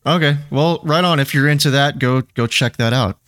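A man's voice: mid-range voice, normal speed, a bit bright. A man co-hosting a podcast in casual chat, joking and swearing casually. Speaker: podcast co-host.

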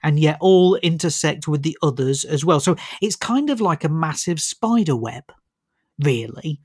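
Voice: medium pitch, expressive, normal speed, darkish tone, slightly rough, no echo, clean studio sound. Chatty film reviewer. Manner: enthusiastic, rambling, with frequent restarts. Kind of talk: casual radio-style film review chat.

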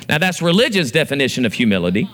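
Bright-voiced preacher man. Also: rapid-fire. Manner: preaching with acted-out prayers and quotes, animated pitch swings. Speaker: pastor. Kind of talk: sermon.

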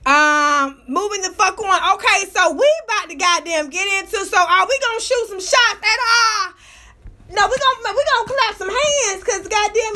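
A young woman's very high, sharp, bright voice fills this casual podcast commentary. She talks brashly and swears freely, laughing her way through rambling stories as the show's host. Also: expressive, normal speed, a little hiss or hum. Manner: brash, profane, laughing storyteller.

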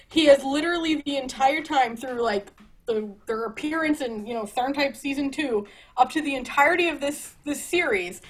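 A woman's voice: high voice, poor audio. A young woman hosting a podcast, chatting casually and animatedly, laughing and swearing as she acts out quotes. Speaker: podcast host. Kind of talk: casual chat.

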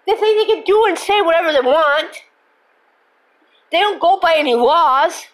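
A woman's voice: very high-pitched, normal speed, poor audio. A woman hosting her own show, ranting with indignation, cussing and then apologizing for it. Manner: repetitive, emphatic complaining. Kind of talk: angry rant.

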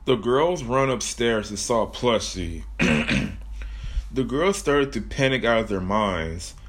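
A man's voice: lowish voice, expressive, slow pace, fairly bright tone. A man telling a comic horror story with jokey asides about his own plot.

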